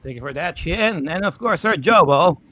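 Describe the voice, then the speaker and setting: A man hosting a casual gaming livestream, introducing the panel in a relaxed way with lots of fillers and small laughs. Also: fairly high pitch, normal speed. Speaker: podcast host.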